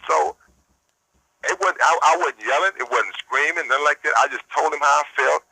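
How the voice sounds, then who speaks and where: A man's voice: a little high, moderate pace, vocal fry, pushed and bright, husky, no echo, rough recording. A man in his fifties, a former football player calling in as a guest on a sports radio show, retelling a phone conversation and repeating "I said" constantly.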